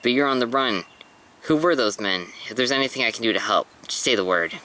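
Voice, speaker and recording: A man's voice: mid-range voice, animated, brisk, sharp tone, poor audio. A man playing a gallant, lovestruck young man. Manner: gallant, over-the-top romantic.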